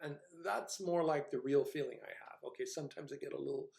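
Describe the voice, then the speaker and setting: A man's voice: a little high, a little fast, gravelly, a little mellow, reverberant. A man giving casual spoken commentary as a video reviewer, rambling and hesitant with a wry, grumbling manner. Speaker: video essayist reviewing a TV series.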